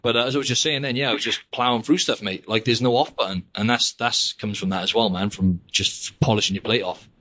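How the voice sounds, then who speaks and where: A man's voice: fairly low pitch, fairly even intonation, a little fast, few pauses, pushed and bright. A young man hosting a podcast, rambling casually and saying "mate" and "like" a lot. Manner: rambling, peppers speech with "mate" and "like". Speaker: podcast host. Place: living in Australia.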